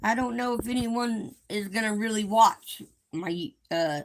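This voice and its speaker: A woman hosting a live stream, speaking to her viewers in a gentle, reassuring way. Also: medium pitch, a little slow, slight background noise. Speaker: livestream host.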